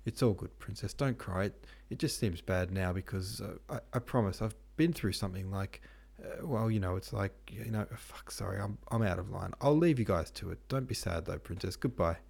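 A man's voice: deep voice, normal speed, vocal fry, hardly any pauses, darkish tone, husky, full character voice. Man doing a flustered, stammering young man. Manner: stammering, hesitant.

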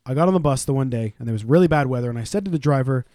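A man's voice: medium pitch, expressive, dark tone, dry recording, clean studio sound. A man co-hosting a podcast, telling profane, sarcastic stories and mimicking the people in them. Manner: profane, sarcastic, quick storytelling with mimicked voices. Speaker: podcast co-host. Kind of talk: casual storytelling chat.

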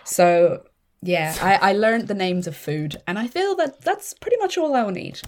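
A woman's voice: mid-range voice, sing-song, moderate pace. An Irish woman chatting casually and joking at her own expense. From Ireland. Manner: self-deprecating, chatty. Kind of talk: casual chat.

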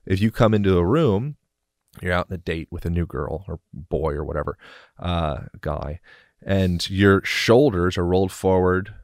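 A man's voice: low voice, normal speed, a little mellow, no room sound, clean studio sound. A man, a bodywork practitioner, speaking in a casual, rambling podcast interview and swearing now and then.

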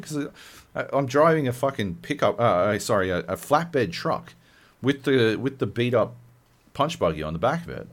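A man's voice: medium pitch, sing-song, moderate pace. A man co-hosting a podcast, ranting profanely in casual chat. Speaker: podcast co-host.

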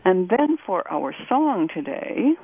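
A woman radio host reading a poem aloud in a measured, deliberate way and introducing a song. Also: fairly low pitch, sing-song, slightly rough, no echo. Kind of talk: poetry reading and music introduction. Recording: tinny phone-like line.

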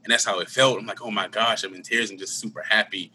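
Bright-voiced man telling his story. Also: on the low side, fairly even intonation, quick pace, slight background noise. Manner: candid, earnest, slangy. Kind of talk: casual conversation, personal storytelling.

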